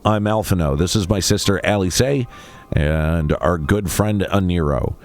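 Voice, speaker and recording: A man's voice: low-pitched, a little slow, a little mellow. A man reading aloud the lines of an earnest, diplomatic young male scholar in a video game, reassuring and careful with small stumbles.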